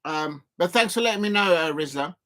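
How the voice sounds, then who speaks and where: A man commentating live on a football match for his stream, rambling with many fillers and breaking into excited shouts at chances. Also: a little high, fairly quick. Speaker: football watch-along streamer.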